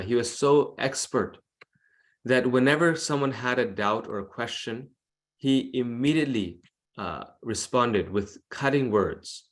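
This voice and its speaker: A man giving a devotional class over a video call, telling a story with earnest, animated delivery. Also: mid-range voice.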